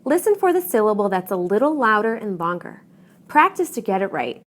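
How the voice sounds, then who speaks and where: A woman teaching English pronunciation in a clear, deliberate, scripted lesson narration. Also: medium pitch, big pitch swings. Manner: clear, deliberate teaching delivery with modeled stress patterns.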